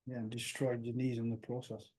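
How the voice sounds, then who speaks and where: A man's voice: medium pitch, flat delivery, brisk, dark tone. A man steering the conversation in a casual podcast chat. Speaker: podcast co-host.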